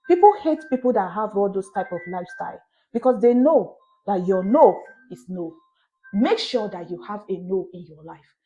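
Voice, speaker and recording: A woman's voice: mid-range voice, expressive, normal speed, dark tone. A young adult woman giving an emphatic, repetitive self-help talk in a preacher-like manner. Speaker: motivational vlogger.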